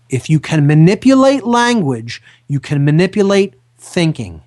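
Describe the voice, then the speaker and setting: A man hosting a radio talk show, speaking emphatically and repeating key phrases slowly for effect. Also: high-pitched, sing-song, darkish tone.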